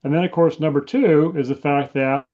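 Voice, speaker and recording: A man who wrote a book explains his view as a talk show guest in a brisk, folksy way. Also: a little high, fairly even intonation, narrow, tinny audio. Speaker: author guest. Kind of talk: casual chat.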